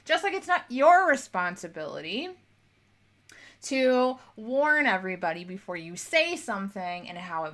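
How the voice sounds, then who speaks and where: Young woman, spiritual coach, bright tone; blunt, swears, acts out quotes in a casual pep talk. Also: mid-range voice.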